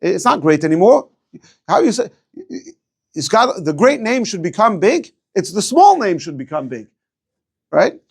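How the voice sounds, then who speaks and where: A rabbi teaching a casual Torah class to a small group, digressive and thinking aloud with fillers and restarts. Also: male voice, high-pitched, big pitch swings, unhurried, creaky, pauses often, husky.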